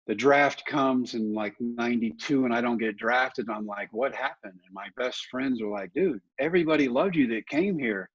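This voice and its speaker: A middle-aged man, a former ballplayer, tells animated stories in a casual podcast interview and acts out other people's lines. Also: mid-range voice, breathy edge, lo-fi sound. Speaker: guest, former ballplayer and motivational speaker.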